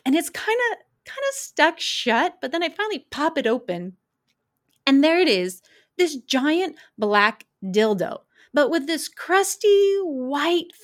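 A woman with a slightly high-pitched voice tells stories from her work as a crime scene investigator in a casual, chatty way. She is animated and wry, and laughs as she tells them. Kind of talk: casual anecdotal storytelling.

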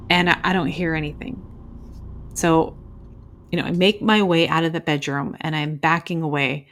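A woman's voice: on the low side, steady tone, moderate pace, pauses often. A woman hosting a podcast, telling a story casually and vividly, acting out quoted voices and swearing freely. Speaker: podcast host; crime scene investigator.

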